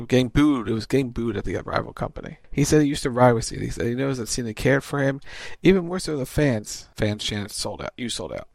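A man co-hosting an internet radio show, briskly recapping events with small restarts. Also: medium pitch, gravelly, dry recording. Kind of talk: wrestling show recap chat.

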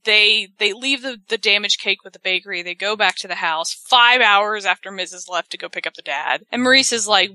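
Bright-voiced woman retelling a story. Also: medium pitch, a little fast, hardly any pauses, dry recording, poor audio. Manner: animated storyteller acting out quotes. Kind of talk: casual recap chat.

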